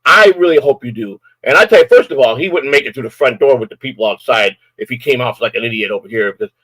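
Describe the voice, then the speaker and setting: A man's voice: medium pitch, fast, a bit bright, slightly rough, dry recording, poor audio. An older man, host of a live stream, ranting angrily and issuing profane, repetitive threats. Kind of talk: angry live-stream rant.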